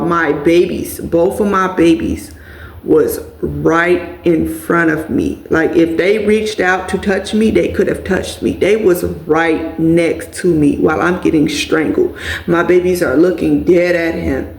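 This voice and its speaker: Gravelly woman telling a story in an echoey room. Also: lowish voice, fairly even intonation, takes it slowly, darkish tone. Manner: casual, addresses viewers as y'all. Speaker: vlogger. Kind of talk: emotional personal storytelling.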